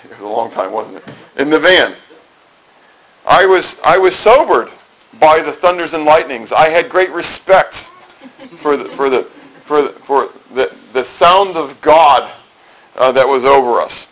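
A man's voice: fairly high pitch, expressive, unhurried, fairly bright tone, low-quality recording. A middle-aged man preaching a sermon in a conversational way, asking the congregation questions and often repeating and restarting phrases. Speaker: pastor.

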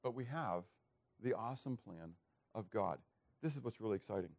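A man preaching a sermon, reading scripture and throwing questions back to the congregation, with sharp swings between loud and soft. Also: on the low side, animated, normal speed, creaky. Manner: call-and-response questions, emphatic swings in loudness. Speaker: pastor.

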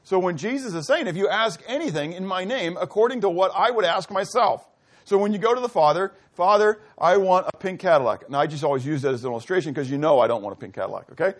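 A male pastor preaches casually and talks fast, his delivery expressive. Throughout, he poses questions to his congregation and acts out short dialogues, with moments where his voice sinks low and soft.

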